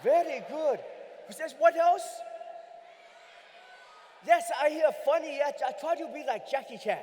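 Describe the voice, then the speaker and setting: A man's voice: extremely high pitch, unhurried, pitched above the performer's own voice. A man putting on a clipped broken-English persona in a big hall. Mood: teasing. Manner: clipped broken English, dropped articles, shouting to the crowd. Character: male immigrant persona speaking broken English, playful. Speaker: keynote speaker. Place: large convention hall. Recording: long reverb of a big hall.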